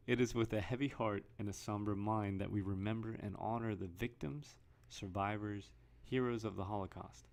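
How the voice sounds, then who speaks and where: A man talks through his thoughts in a loose, rambling vlog. His voice sits fairly low, with a gravelly fry, and he often restarts his sentences and reads headlines aloud. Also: fairly even intonation, moderate pace, few pauses, darkish tone. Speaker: vlogger. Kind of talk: casual commentary.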